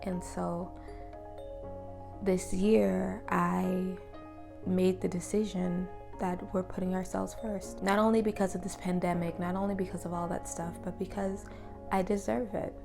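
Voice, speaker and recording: A young woman speaks earnestly into the camera in a personal vlog, her voice carrying a gravelly, fry-laden edge. She is reflective and open, and sometimes sinks to a whisper. Faint music plays behind her. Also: on the low side, flat delivery, measured pace. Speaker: vlogger.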